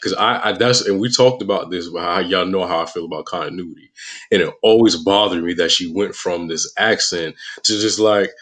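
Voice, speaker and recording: Laid-back low-voiced man from New York. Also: a little fast, fairly bright tone. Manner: laid-back, slangy, theorizing aloud. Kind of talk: casual podcast chat.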